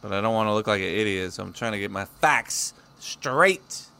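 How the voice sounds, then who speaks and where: A man on a casual podcast call, ribbing his co-host and cursing offhandedly. His voice is bright and swings widely in pitch, with an easy joking delivery. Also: animated, moderate pace, gravelly, clean tone. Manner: teasing, joking, swears casually. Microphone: headphones on a call.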